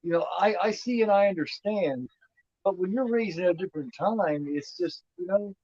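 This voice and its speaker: A man's voice: high voice, normal speed, a crowd in the background. A man in his fifties hosting a casual movie commentary, rambling and repeating himself with lots of "you know what I mean.". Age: 50s. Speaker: host. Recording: dull lo-fi sound.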